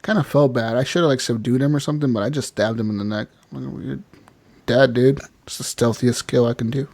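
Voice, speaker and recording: A man's voice: medium pitch, brisk, creaky, a little mellow. A man on a casual gaming podcast, retelling a game's story with lots of swearing and acting out the characters' lines. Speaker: podcast co-host. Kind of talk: casual profane game recap chat.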